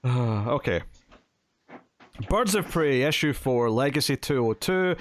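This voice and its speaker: A man's voice: medium pitch, expressive, a little slow. A man co-hosting a podcast, giving comic reviews in a casual chat with dry, teasing humour. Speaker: podcast co-host. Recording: dry close sound.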